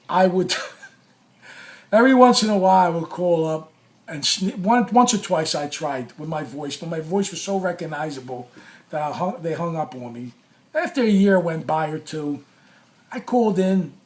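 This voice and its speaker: A man's voice: on the high side, normal speed, pauses often. Blunt, profane middle-aged man telling a story. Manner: blunt, profane, restless, acts out quoted lines. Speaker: storyteller recounting a past clash. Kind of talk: animated personal storytelling.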